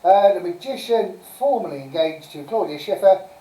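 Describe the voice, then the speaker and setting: A quiz host with a warm, lower-pitched voice runs a casual live-stream quiz, chatting and giggling as she reads out answers and scores. She talks at a normal speed with animated delivery, and a distant mic gives the sound a roomy quality.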